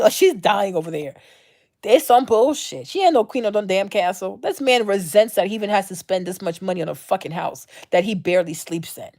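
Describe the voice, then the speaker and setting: A woman's voice: medium pitch, darkish tone. A woman hosting her own vlog, ranting off the cuff in a blunt, profane, slangy way and repeating her points for emphasis. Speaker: vlog host. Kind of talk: unscripted commentary rant.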